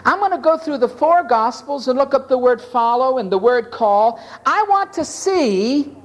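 A male preacher gives a sermon full of dramatic energy, his pitch swinging widely between low and high as he acts out each scene.

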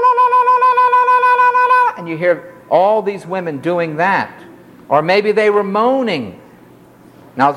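A man preaching an expository sermon, telling the story expressively and acting out the quotes. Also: high voice.

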